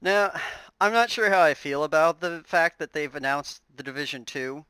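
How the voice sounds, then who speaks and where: Male co-host, bright edgy tone, somewhat high pitch, easygoing and hesitant in casual gaming talk. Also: normal speed, clean tone, no room sound, rough recording. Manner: easygoing, laughs often, hesitant trailing sentences. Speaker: podcast co-host. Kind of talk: casual gaming podcast chat.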